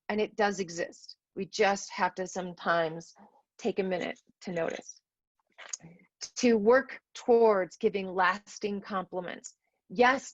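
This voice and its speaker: A woman's voice: medium pitch, no echo. A middle-aged woman giving a heartfelt keynote talk to teachers over a video call, earnest and emotional, repeating phrases for emphasis. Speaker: keynote speaker. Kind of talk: heartfelt virtual conference talk. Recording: dry, slightly dull video-call audio.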